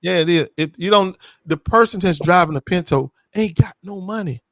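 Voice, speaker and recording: A man's voice: high voice, moderate pace, no room sound, studio quality. A man in a casual talk chat who argues his point, laughing as he goes. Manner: argumentative and lively, laughing as he makes his point.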